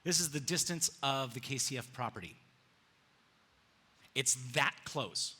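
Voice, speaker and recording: Bright, animated man preaching. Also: medium pitch, measured pace, breathy edge. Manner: animated storytelling, acting out biblical characters with casual slang. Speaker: pastor. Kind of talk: sermon. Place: church sanctuary with slides.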